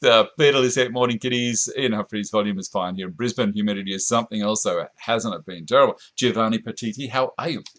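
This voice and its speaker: A man's voice: fairly low pitch, quick pace, few pauses, a bit bright. An Australian man hosting a woodworking live stream, chatting casually, reading out viewer comments and chuckling often, recorded on a camera mic in a home workshop. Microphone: camera mic at a short distance.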